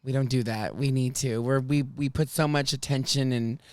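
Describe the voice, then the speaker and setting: A talkative man hosting a podcast, chatting loosely with lots of fillers and frequent laughter. His voice sits in a middle pitch range and is recorded close and dry, with no room sound around it. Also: fairly even intonation, moderate pace, clear, resonant tone, no room sound. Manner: chatty, emotional, laughs often, rambling with many fillers. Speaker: podcast host. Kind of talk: casual chat.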